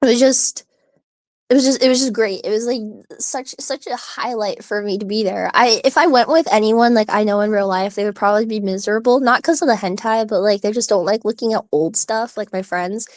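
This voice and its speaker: A woman speaking a little fast in a mid-range voice hosts a casual live audio stream, captured with no room sound. She rambles and giggles, saying "like" constantly, restarting herself, and hiccuping as she goes.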